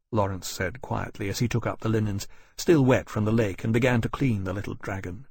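Low-voiced male audiobook narrator. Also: fairly quick, a little mellow, slightly rough, dry recording, clean studio sound. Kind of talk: scripted narration.

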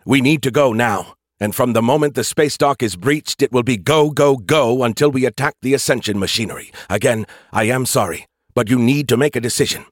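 A man's voice: mid-range voice, a little fast, few pauses, no room sound, studio quality, pitched above the performer's own voice, close to an everyday voice. A man voicing an arrogant, snarky male AI hologram in an audiobook, talking in urgent, clipped, formal sentences.

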